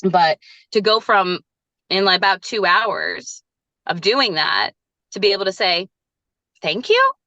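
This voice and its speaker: A woman's voice: mid-range voice, a little slow, dry recording, muffled recording. A woman in her thirties, a resilience coach guesting on a podcast, telling a personal story candidly and acting out the lines she quotes. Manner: animated, acts out her own quoted lines.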